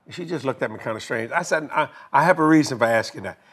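An older man casually telling a long story, animated and laughing as he acts out both sides of a conversation. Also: medium pitch, fast, slightly rough. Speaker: guest telling a marriage story.

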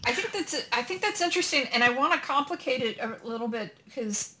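A woman co-hosting a podcast, discussing a film in an animated but deliberate way. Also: high voice. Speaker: podcast co-host. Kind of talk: casual discussion.

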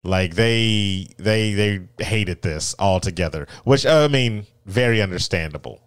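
A man with a lowish, smooth and resonant voice talks in a laid-back, rambling way as a podcast co-host. The sound is close and dry, with no room around it. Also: expressive, measured pace, no echo. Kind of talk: casual chat.

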